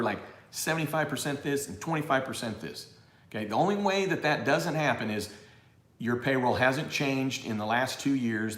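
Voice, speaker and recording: Fired-up man ranting in a roomy space. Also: medium pitch. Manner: animated and exasperated, mocking imagined callers. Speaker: tax educator on a live show. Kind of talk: fired-up live Q&A rant.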